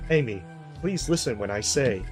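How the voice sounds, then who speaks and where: A man's voice: medium pitch, expressive, moderate pace, natural voice. Brief: a man playing an anxious, devoted father with a pleading tone, with game music behind. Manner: pleading, worried. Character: anxious loving father, middle-aged man.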